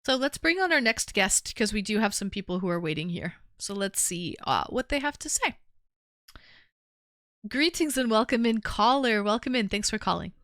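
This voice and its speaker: A woman's voice: mid-range voice, expressive, normal speed, a bit bright, no echo, studio quality. A woman hosting a live call-in stream, chatting casually and teasing her callers in an upbeat way.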